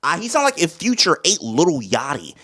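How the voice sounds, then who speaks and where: A young man talks through an album in a loose, casual way, full of slang. His voice sits a bit high for a man and swings widely up and down. He keeps breaking into hummed beats and imitations of rappers. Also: wildly swooping pitch, normal speed, sharp tone, slightly rough. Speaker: music reviewer.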